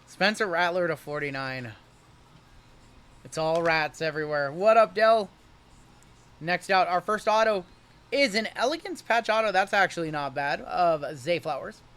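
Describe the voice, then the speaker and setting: A young man hosting a live-streamed card break, joking and hyping each pull in rapid running banter. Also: high voice, bright, forceful tone, clean tone.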